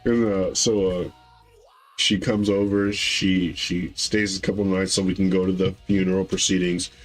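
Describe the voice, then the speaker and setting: A man in his thirties telling a long family story in casual podcast chat, rambling with fillers and acting out quotes in a higher voice. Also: level tone, normal speed, soft background music, low-quality recording. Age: 30s. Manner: rambling, acts out quotes with raised pitch. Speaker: podcast co-host.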